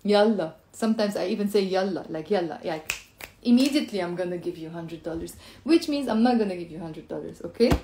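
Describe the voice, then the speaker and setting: A woman's voice: medium pitch, lively intonation, fast, creaky, dark tone, reverberant, slight background noise. A woman with a Lebanese accent teaching a live Arabic lesson from home, mixing English and Arabic and acting out different tones of voice. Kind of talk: live-streamed language lesson. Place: home room.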